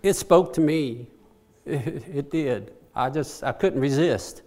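A man's voice: fairly high pitch, slow, a little mellow. A man preaching a sermon, who repeats his key phrases and puts questions to the congregation. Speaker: pastor.

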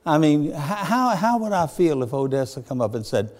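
Older male preacher, homespun storyteller, fervent swells and soft hushes, pitched a bit high. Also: sing-song, normal speed. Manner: folksy storytelling, swings between loud fervor and hushed tenderness. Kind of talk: sermon.

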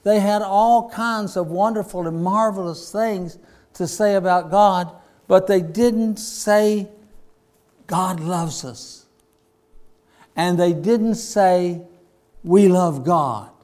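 A man preaching a sermon, slow and deliberate, rising to emphatic points. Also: high voice, darkish tone. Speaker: pastor.

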